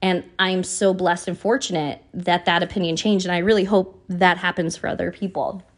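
A woman's voice: on the low side, little pitch movement, normal speed. A woman hosting a podcast, talking in a casual, heartfelt monologue that often turns emotional and is full of "you know" fillers. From United States. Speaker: podcast host.

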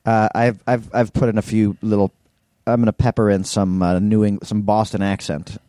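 Laid-back man with a dark voice. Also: fairly low pitch, level tone, normal speed, no room sound, studio quality. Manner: loose, rambling, swears freely. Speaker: podcast co-host. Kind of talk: casual chat.

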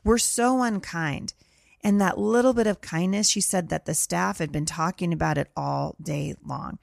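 Gravelly-voiced woman, earnest talk. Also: on the low side, moderate pace, darkish tone, dry recording, clean studio sound. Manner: earnest, conversational storytelling. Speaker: podcast host. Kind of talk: casual commentary monologue.

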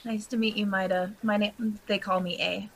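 A woman's voice: medium pitch, little pitch movement, moderate pace, a little hiss or hum. A woman playing a tabletop game, eager and playful. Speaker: player.

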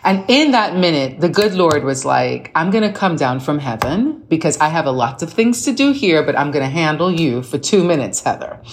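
A middle-aged woman guest in casual chat, telling animated stories and acting out the voices she quotes. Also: low voice, normal speed, few pauses, a little hiss or hum.

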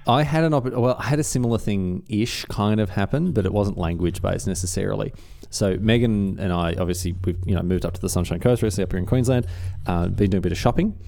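A man's voice: lowish voice, fast talker, creaky, few pauses, mellow. A man co-hosting a podcast, telling stories in a chatty way and slipping into mock voices. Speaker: podcast co-host. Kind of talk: casual chat. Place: Sunshine Coast, Queensland.

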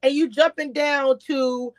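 A woman giving chatty, animated reality-TV commentary on a livestream, talking straight to her chat. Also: sits high, a little slow, no echo. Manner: grows exasperated and incredulous. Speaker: YouTube commentator.

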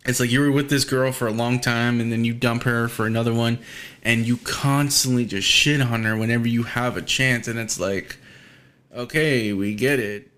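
A man's voice: mid-range voice, steady tone, moderate pace, a bit bright. Laid-back slangy man on a podcast. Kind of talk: casual podcast chat.

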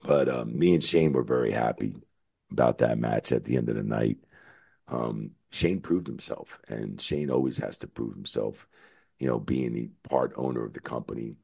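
Middle-aged American guest, very deep husky voice, animated storyteller who acts out quotes. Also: male voice, normal speed. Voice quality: very deep gravelly voice. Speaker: former wrestling referee, guest. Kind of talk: storytelling interview answer.

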